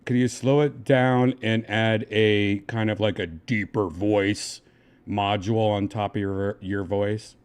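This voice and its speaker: A man hosting a casual livestream, coaxing and giving step-by-step instructions in a relaxed, chatty way. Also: fairly low pitch, takes it slowly, smooth. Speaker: livestream host.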